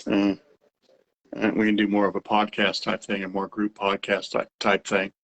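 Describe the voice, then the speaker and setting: Slightly nasal Texan man, lowish voice. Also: moderate pace, poor audio. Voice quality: a little nasal. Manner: relaxed, rambling, with fillers and restarts. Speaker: host of a live radio-monitoring Q&A. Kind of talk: casual live chat.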